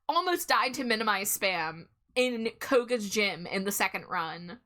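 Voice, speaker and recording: A woman's voice: mid-range voice, lively intonation, a little slow, hardly any pauses, pushed and bright. A young adult woman streaming live, chatting casually and playfully, laughing often. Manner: giggly, playful, breaks into frequent laughter.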